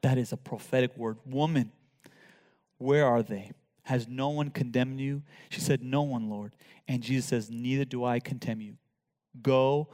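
A man preaching a sermon as pastor, swinging from loud emphatic lines to hushed near-whispers. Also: mid-range voice, in a large hall.

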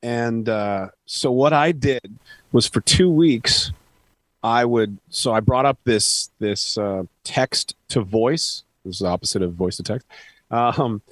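A man's voice: mid-range voice, takes it slowly, dry recording. A man in a casual interview, telling stories in a joking, self-deprecating way. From Canada. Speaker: band vocalist, guest.

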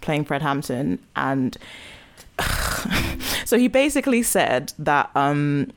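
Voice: medium pitch, takes it slowly. A speaker with a London accent, co-hosting a podcast in casual chat, rambling with lots of fillers. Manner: rambling, many fillers, animated storytelling. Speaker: podcast co-host.

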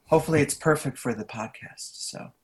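A man in his thirties talks casually in a sleepy early-morning voice. He is hesitant, restarts often and laughs easily. His pitch sits in the middle. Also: brisk. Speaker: podcast guest, trivia host. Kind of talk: casual chat.

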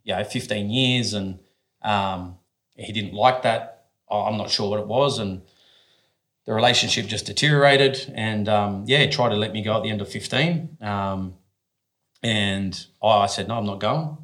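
A lower-voiced Australian man in his forties tells stories as a guest on a talk podcast. He speaks bluntly and casually, swears without hesitation, and often stops and restarts his sentences. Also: moderate pace, fairly bright tone. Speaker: guest, former professional athlete.

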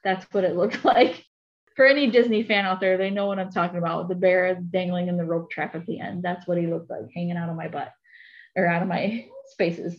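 A young adult woman telling a personal story in a casual, animated way, full of fillers like "like" and "um". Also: lowish voice, a little fast. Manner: chatty, animated, many fillers. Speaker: podcast guest. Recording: dull lo-fi audio.

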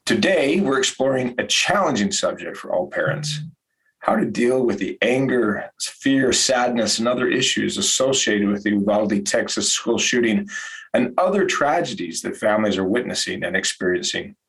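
A man's voice: on the low side, lively intonation, moderate pace, fairly bright tone, rough recording. A man hosting a podcast interview, reading a scripted intro and then asking prepared questions. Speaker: podcast host.

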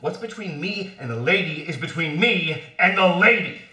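A man's voice: on the high side, expressive, normal speed, sharp tone. A man reading a foul-mouthed pleading baby. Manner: desperate, begging, foul-mouthed. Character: infant boy pleading with crude adult talk. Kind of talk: amateur play reading. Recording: echoey room.

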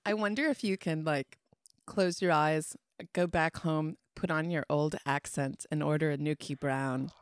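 A woman's voice: low voice, fairly even intonation, a little slow, smooth, dry recording, clean studio sound. A woman hosting a podcast, asking curious questions of her guest. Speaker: podcast host. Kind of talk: interview questions.

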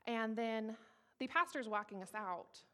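A woman in her thirties gives a personal testimony, telling her story in a candid, humorous, lively way. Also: fairly high pitch, unhurried. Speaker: speaker giving a personal testimony.

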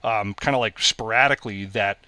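A man's voice: on the low side, fairly quick, pushed and bright, clear, resonant tone, no room sound. A man hosting a casual podcast over a video call, talking in a jokey, enthusiastic, rambling way. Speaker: show host.

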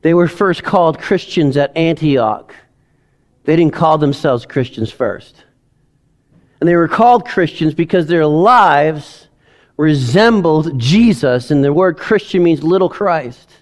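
A middle-aged male pastor giving a conversational, emotional sermon in a church sanctuary, swinging from quiet asides to loud emphasis. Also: on the high side, expressive, a little slow.

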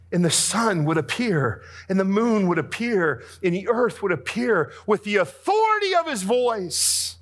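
A male preacher delivering a sermon in a fervent, theatrical style. He swings from quiet, intimate passages to booming emphasis. His voice sits somewhat high for a man. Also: very animated, a little slow, few pauses. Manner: dramatic preaching that swings between soft and booming.

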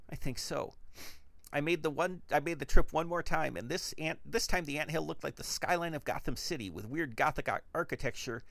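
A man telling an absurd comic story in the first person, with a wry, animated narration. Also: on the high side, a little fast, creaky, hardly any pauses, no echo.

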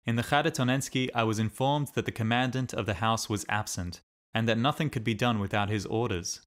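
A man narrating a diary as an audiobook in a steady, measured reading. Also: medium pitch.

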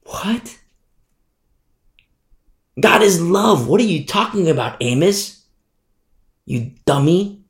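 A man's voice: sits high, lively intonation, slow, long pauses, roomy sound, exaggerated voice. A man voicing a skeptic who scorns a prophet in a dismissive, sneering way. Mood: indignant. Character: scoffing skeptic mocking a prophet.

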